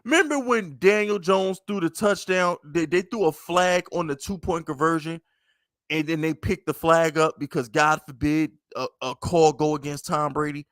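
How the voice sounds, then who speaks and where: A man hosting a casual livestream sports chat, animated and profane, laughing often. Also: fairly high pitch, normal speed, no room sound. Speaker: podcast host.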